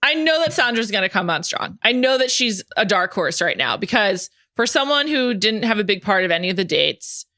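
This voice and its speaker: A woman's voice: medium pitch, big pitch swings, brisk, hardly any pauses, sharp tone, no room sound, clean studio sound. A woman hosting a podcast in casual chat, enthusiastic and talkative with lots of fillers. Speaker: podcast host.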